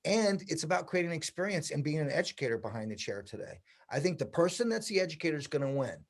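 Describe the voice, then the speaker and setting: A man in his sixties from the United States, with a slightly high voice, talks fast. A veteran hairstylist and educator, he tells stories in a casual interview, lively and acting out past conversations.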